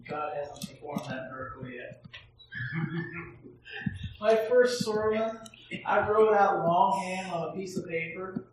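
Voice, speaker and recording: A man's voice: high voice, slow pace, pauses often, distant mic, slight background noise. A middle-aged male pastor telling a candid, self-deprecating personal story as a sermon in a church. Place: church sanctuary. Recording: echoey church, heard from afar.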